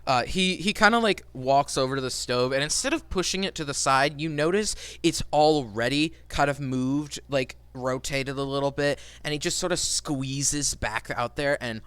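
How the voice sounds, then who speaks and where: A man narrating as game master of a tabletop game, halting with many fillers. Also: medium pitch, a bit bright, smooth, no room sound.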